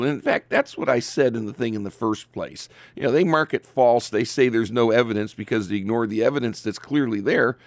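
A man's voice: mid-range voice, dry recording. A man hosting an opinionated commentary monologue, sarcastic and full of fillers and restarts. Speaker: commentary show host.

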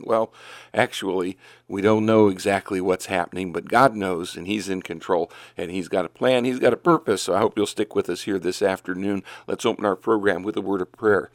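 A man's voice: low-pitched, moderate pace, no echo, clean studio sound. An older man from Northeast Ohio hosting a Christian radio program, who rambles unhurriedly with many fillers and restarts and also prays and reads scripture aloud. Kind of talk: casual radio talk with prayer and scripture reading. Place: radio studio.

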